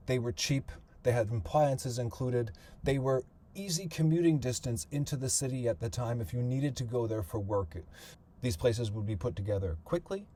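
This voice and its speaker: A man's voice: medium pitch, mellow. A middle-aged man narrating his family's history in a conversational way, thinking aloud with fillers and restarts. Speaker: podcast host and author.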